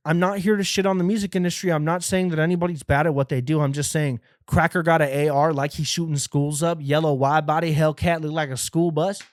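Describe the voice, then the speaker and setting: A young American man hosting a comedy podcast, rambling through a profane, animated monologue full of restarts. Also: fairly high pitch, no echo, clean studio sound. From United States. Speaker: podcast host.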